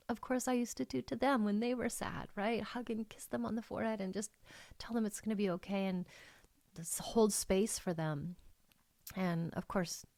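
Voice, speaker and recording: A woman's voice: mid-range voice, a little mellow, dry recording. A middle-aged woman hosting her own podcast, talking in a heartfelt, emotional and rambling way, full of "like"s. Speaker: life coach and podcast host. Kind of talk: personal podcast monologue.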